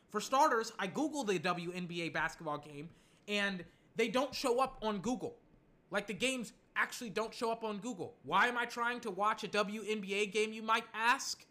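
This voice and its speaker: A young man rambles through a solo podcast in a loose, digressive way, breaking into excited outbursts now and then. His voice sits a little high and sounds bright and forward. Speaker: podcast host.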